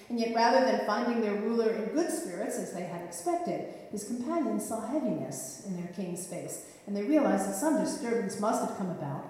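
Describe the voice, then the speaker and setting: A woman storyteller relating an old legend, reflective, with gently wry asides. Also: on the high side. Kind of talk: telling a myth. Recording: echoey hall, mic far off.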